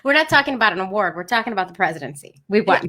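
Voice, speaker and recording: A woman's voice: mid-range voice, lively intonation, very fast, fairly bright tone. A woman co-hosting a podcast, chatting casually with lots of fillers. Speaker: podcast co-host. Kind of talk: casual chat.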